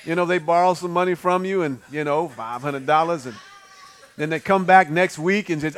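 A man's voice: a little high, moderate pace, fairly bright tone, slight background noise. A middle-aged man preaching a folksy sermon, calling out to the congregation and acting out the voices he quotes. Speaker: pastor.

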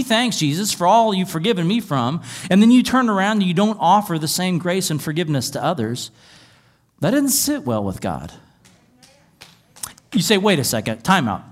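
Pastor preaching in a raised voice. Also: male voice, high voice. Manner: reads scripture aloud and explains it conversationally, with wry asides. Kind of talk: sermon.

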